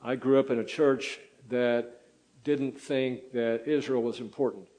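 Older man preaching, halting and folksy. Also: mid-range voice, fairly even intonation, a little mellow, low-quality recording. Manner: folksy, halting, many fillers and restarts. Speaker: pastor. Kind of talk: sermon.

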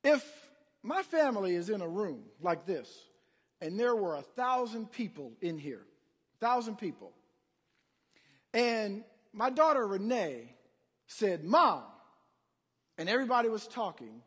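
A male preacher delivering an animated sermon, calling out to the congregation. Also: high-pitched, measured pace, slightly rough. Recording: long hall reverb.

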